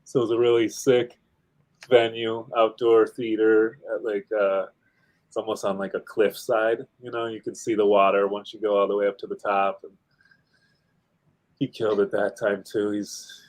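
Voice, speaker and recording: A man's voice: on the low side, monotone, normal speed, a little mellow, low-quality recording. A man hosting a casual livestream show, chatting in a laid-back, rambling way with lots of fillers. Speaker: podcast host.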